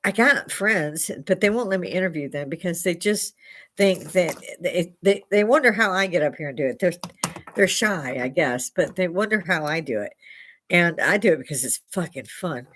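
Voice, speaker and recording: A woman's voice: fairly low pitch, expressive, moderate pace, fairly bright tone. An older woman hosting a casual livestream from a bar, slightly tipsy, rambling through stories with frequent laughs and swearing. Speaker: livestream host.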